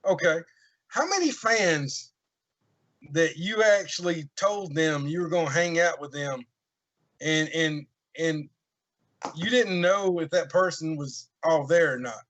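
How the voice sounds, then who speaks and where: A man's voice: a little high, takes it slowly, fairly bright tone. A man co-hosting a podcast, bantering and laughing. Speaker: podcast co-host. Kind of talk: casual podcast chat. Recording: crowd noise behind.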